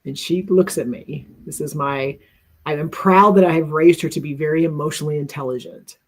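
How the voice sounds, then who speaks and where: A woman's voice: deep voice, steady tone, fairly quick. A middle-aged woman co-hosting a talk, telling a personal story in an earnest, reflective way and often restarting her sentences.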